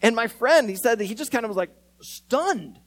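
A man's voice: extremely high pitch, moderate pace, poor audio. A man preaching a sermon as a pastor, speaking to kids and adults and acting out quoted voices. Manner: animated, acts out quoted voices.

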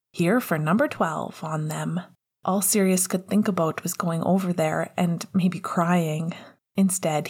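Female narrator, whispered intimate read, breathy and low. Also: a little mellow. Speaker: audiobook narrator. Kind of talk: soft whispered fan fiction reading.

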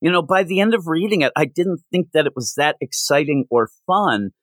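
The recording is dry, and this co-host speaks fairly quickly in a slightly high voice. He keeps the comic book review chat casual and animated, voicing the characters as he quotes them.

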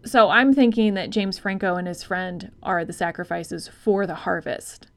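A woman's voice: medium pitch, fairly even intonation, normal speed, vocal fry. Rambling, laughing female podcast co-host. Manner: rambling, thinks aloud, profane, laughs easily. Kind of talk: casual film-review chat.

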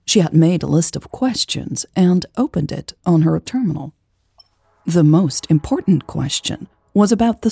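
A woman reading an audiobook as narrator, in an even, measured delivery. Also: deep voice, creaky, slightly rough, no room sound, studio quality. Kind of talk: scripted narration.

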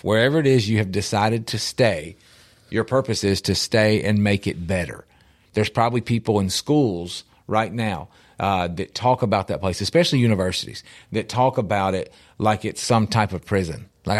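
A man talking as a guest on a talk show, animated and telling stories with easy laughs. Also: mid-range voice. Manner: animated, storytelling, laughs easily. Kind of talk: casual talk-show conversation.

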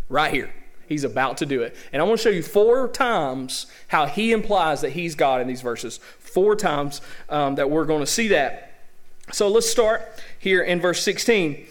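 A man preaching a sermon in a lively, joking way, often tossing rhetorical questions to the congregation. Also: fairly high pitch, normal speed.

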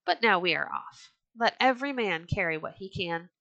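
A woman's voice: fairly low pitch, expressive, moderate pace, bright, forceful tone, no echo, highs cut off. A woman voicing a bold, hot-tempered red-bearded Viking chieftain in a storybook reading, with a hearty, declaiming manner.

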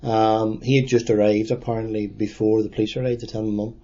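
An older man with a Derry accent tells his memories in a halting, plain-spoken way. His voice sits low and dark and mellow. The recording sounds dull and lo-fi. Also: level tone. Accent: Northern Irish, Derry. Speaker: interviewee. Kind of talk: oral history recollection.

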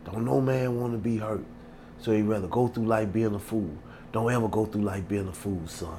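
A man voicing a wise old neighborhood man who speaks slowly and sternly, giving a lesson. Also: lowish voice, warm tone, slight background noise, natural voice.

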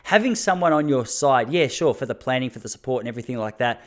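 A man's voice: medium pitch, expressive, fast talker. Chatty man in his thirties. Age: 30s. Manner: chatty, frank, with fillers and restarts. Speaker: running coach, podcast host. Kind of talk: casual solo podcast talk.

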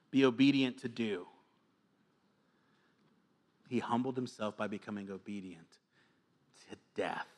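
A male pastor preaching a sermon to a gathered audience, earnest and confessional, moving between quiet asides and emphatic repeated lines. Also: mid-range voice.

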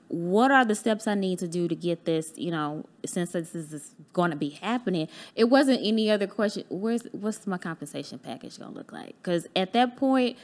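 A business owner appearing as a guest on a podcast tells her personal story in an earnest, candid way during the interview. She has a medium-pitched voice and acts out the dialogue she remembers.

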